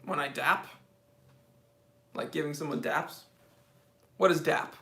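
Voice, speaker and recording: American guy hosting a live q&a, high bright voice, jokey, echoey room. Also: slow pace. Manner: joking, playful, reading comments aloud. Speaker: host. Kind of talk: live Q&A stream chat.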